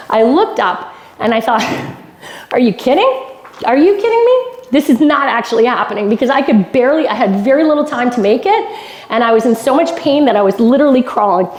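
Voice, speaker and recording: A woman from Canada with a fairly high voice delivers a motivational speech and tells her story with emphatic repetition. The sound carries the echo of a large event room. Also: darkish tone. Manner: emphatic storytelling, repeats lines for effect. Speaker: keynote speaker. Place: golf club event hall.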